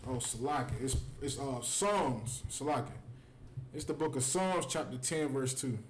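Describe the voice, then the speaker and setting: This American scripture teacher has a medium-pitched, expressive voice and talks a little slowly as he gives an angry, conversational breakdown of scripture on a livestream. His heated preaching is full of "man," and the low-quality recording carries slight background noise.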